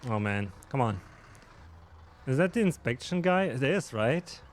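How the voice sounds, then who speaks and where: A man's voice: mid-range voice, sing-song, a little slow, slight background noise. Chatty German-accented man streaming. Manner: chatty, laughs often, talks to viewers. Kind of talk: casual live-stream chat while gaming.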